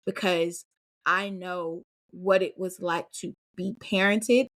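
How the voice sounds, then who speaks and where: A woman's voice: fairly low pitch, fairly even intonation, slow pace, a bit bright. A woman in her thirties hosting a solo podcast, speaking earnestly and with emphasis, often addressing her listeners as y'all. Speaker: podcast host. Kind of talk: casual solo podcast talk.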